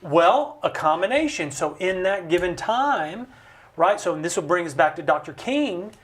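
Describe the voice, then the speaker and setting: A man leads a studio conversation. His voice sits high for a man, and he talks in an emphatic, preacher-like way. He acts out the quotes he cites. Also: expressive, moderate pace, fairly bright tone. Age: 50s. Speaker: host. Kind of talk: conversational podcast talk, preaching-style. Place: recording studio.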